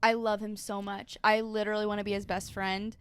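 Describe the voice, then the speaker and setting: A woman's voice: medium pitch, level tone, brisk, clean tone. A woman guest co-hosting a podcast, teasing and affectionate in playful banter. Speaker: guest co-host.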